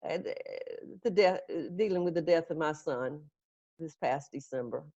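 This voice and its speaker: A woman's voice: low-pitched, moderate pace, darkish tone, dry recording. Folksy woman on a dull, dry stream. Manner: folksy, conversational, chuckles often. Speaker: minister. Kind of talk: casual question-and-answer with congregation.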